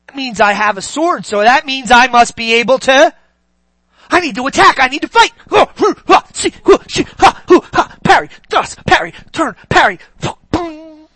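A preacher playing an overeager believer who swings a sword, with loud, high combat noises. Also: moderate pace, dry recording. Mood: excited. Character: overeager would-be sword fighter.

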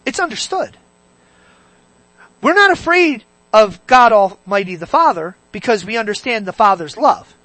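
Animated preacher full of rhetorical questions. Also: medium pitch, moderate pace, dry recording. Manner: animated, fires rhetorical questions at the congregation, swings between loud and hushed. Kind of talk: sermon.

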